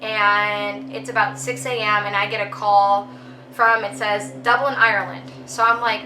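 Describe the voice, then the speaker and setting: A woman's voice: on the high side, little pitch movement, unhurried, reverberant, noisy background. A young woman casually telling a personal story as a vlogger, chatty with lots of ums and you knows.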